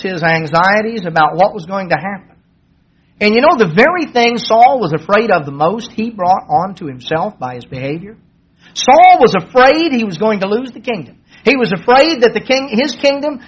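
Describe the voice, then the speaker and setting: Husky high-voiced man preaching. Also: lively intonation, moderate pace. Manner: conversational, acts out quoted dialogue in a raised voice. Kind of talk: sermon retelling a Bible story. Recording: dull lo-fi sermon recording.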